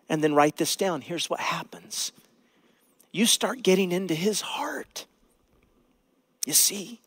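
A man preaching a sermon as pastor, moving between hushed, near-whispered lines and loud, rising exclamations. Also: sits high, no echo.

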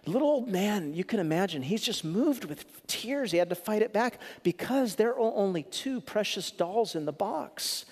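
A male pastor preaching a sermon in a church, moving between loud punchy lines and soft, earnest asides as he tells a story. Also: high voice, expressive, normal speed, few pauses, big-room sound.

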